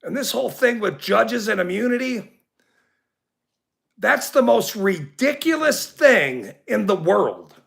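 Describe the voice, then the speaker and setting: Very animated, a middle-aged livestream host slowly rants and rambles, indignant yet quick to laugh. He speaks in an unusually high, very gravelly voice with a bright edge, his pitch moving widely up and down.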